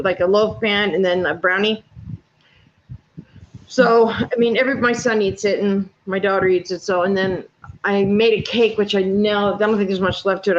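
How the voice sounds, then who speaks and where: A woman in her fifties chatting casually, telling blunt stories with plenty of swearing. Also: medium pitch. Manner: blunt, profane storyteller. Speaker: panel speaker. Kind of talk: casual chat. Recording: dull lo-fi audio.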